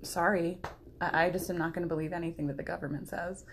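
A woman's voice: on the low side, steady tone, fast, slight background noise. A young woman co-hosting a podcast, chatting casually and laughing often. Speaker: podcast co-host. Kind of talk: casual chat.

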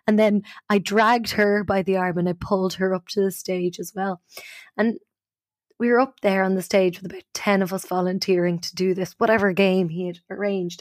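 Animated woman telling a story. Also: mid-range voice, no echo, clean studio sound. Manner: animated, self-mocking. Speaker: podcast co-host. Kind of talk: casual storytelling.

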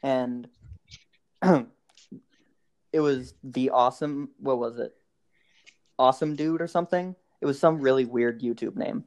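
A man's voice: medium pitch, takes it slowly, long pauses, darkish tone. A young man in casual chat, telling a rambling story with many restarts and frequent laughs.

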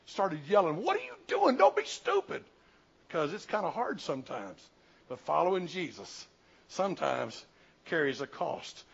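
This is a man in his sixties from the Southern United States, preaching a sermon in a church. His voice sits somewhat high and swings between loud, quick bursts and hushed, slow stretches. The recording is dull and lo-fi. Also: breathy edge. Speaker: pastor. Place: church sanctuary.

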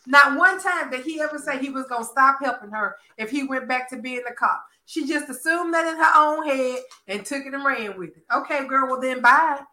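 Bright-voiced, blunt woman. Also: sits high. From American South. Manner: blunt, profane and animated, with drawn-out emphasis. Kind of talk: casual chat recapping a soap opera.

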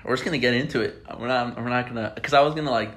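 A young man hosting a podcast, telling excitable, swear-filled stories in casual chat. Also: mid-range voice, rapid-fire. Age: young adult. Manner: excitable storytelling, swears freely. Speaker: podcast host.

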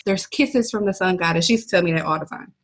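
A woman from Milwaukee, Wisconsin, co-hosting a podcast in casual chat, telling stories with animated quoted voices. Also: fairly low pitch, quick pace. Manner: lively storyteller, animated quotes. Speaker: podcast co-host. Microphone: phone or remote line.

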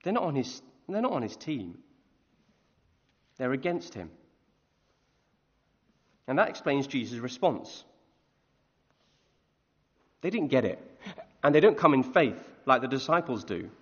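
A man preaching a conversational sermon, animated, often asking his listeners questions. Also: medium pitch, unhurried, long pauses, slightly rough. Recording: echoey hall, dull lo-fi sound.

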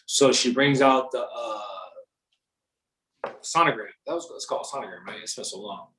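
A young man telling a story in casual chat, animated and slangy, swearing freely. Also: medium pitch, moderate pace, reverberant.

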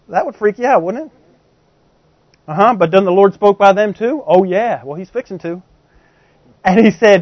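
A man's voice: sits high, normal speed, long pauses, no echo. A man preaching a sermon in a conversational way, constantly asking the congregation rhetorical questions. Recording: dull, dry lo-fi recording.

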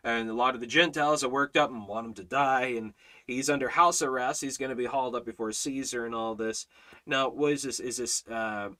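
A man leading a Bible study, preaching emphatically with repeated exhortations and swings between loud and quiet. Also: medium pitch. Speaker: Bible teacher.

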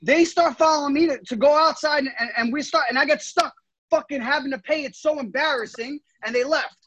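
A man's voice: very high-pitched, brisk, fairly bright tone, dry recording, dull audio. A man co-hosting a casual podcast chat, telling stories with animation, cutting in and swearing. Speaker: podcast co-host.

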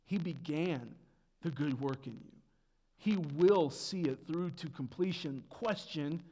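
A man preaching a sermon as pastor, dropping to hushed tones and then building to loud, emphatic peaks. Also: slow. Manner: swings from hushed to booming emphasis.

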